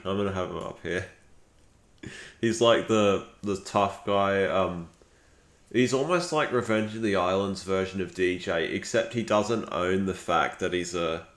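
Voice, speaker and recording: A man talks casually on a live stream, rambling through his thoughts with plenty of fillers and false starts. His voice sits fairly low, and he speaks at an unhurried, drawn-out pace. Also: a bit bright. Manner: rambling, frequent fillers and restarts.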